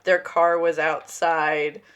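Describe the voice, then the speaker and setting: A woman's voice: low-pitched, little pitch movement, slow, smooth. A woman in her forties, co-hosting a podcast, telling anecdotes in casual chat and acting out the voices of the people in them. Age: 40s. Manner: anecdotal storyteller, acts out quoted voices. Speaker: podcast co-host.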